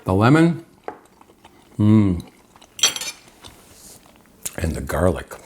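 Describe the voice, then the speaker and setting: A man's voice: low voice, wildly swooping pitch, drawn-out words. A man hosting a home cooking show, enthusiastic and chatty, calling the viewers folks as he cooks in his kitchen. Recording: clear background frying noise. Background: sizzling pan.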